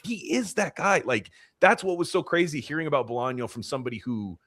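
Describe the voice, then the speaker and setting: A man's voice: fairly high pitch, lively intonation, fast, fairly bright tone, no echo. A man co-hosting a casual book podcast, rambling with fillers and restarts and laughing often. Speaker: podcast co-host.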